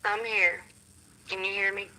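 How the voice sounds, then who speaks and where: A woman calling in by phone, speaking firmly and in a measured way. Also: mid-range voice, little pitch movement, pushed and bright, low-quality recording. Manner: firm, measured denial. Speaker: caller. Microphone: phone call.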